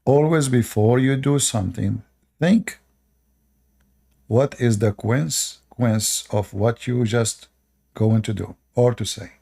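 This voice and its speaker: Husky, gravelly man lecturing viewers. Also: medium pitch, takes it slowly, mellow. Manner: lecturing, rhetorical questions, repeats short commands; non-native English grammar. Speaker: online channel host. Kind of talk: preachy advice monologue to viewers.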